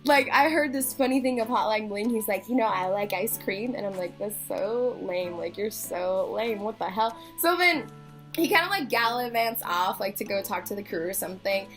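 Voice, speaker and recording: Young woman vlogger, high bright voice, faint music underneath, chatty storytelling. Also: a little fast. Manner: chatty, fillers of "like", acts out quotes. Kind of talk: casual storytelling.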